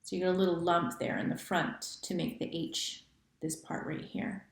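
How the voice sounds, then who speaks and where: A woman with a lowish voice teaches cursive handwriting, chanting the stroke names step by step in a level tone at normal speed. The lesson is recorded in an echoey room.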